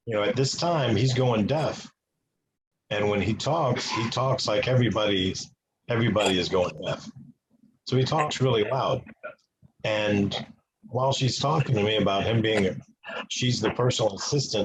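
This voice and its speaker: A man giving an earnest personal testimony as an interview guest. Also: lowish voice. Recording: noisy with clicks.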